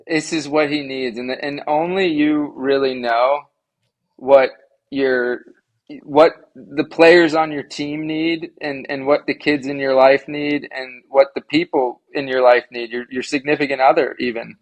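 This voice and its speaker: A man who is a podcast guest, speaking earnestly and thoughtfully in casual conversation. His voice sits at an ordinary middle pitch. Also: steady tone, measured pace, rough recording.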